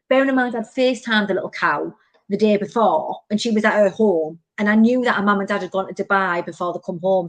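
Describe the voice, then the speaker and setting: A woman's voice: medium pitch, dry recording. Chatty woman, dry sound. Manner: animated storytelling, many fillers. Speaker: podcast host. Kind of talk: casual chat.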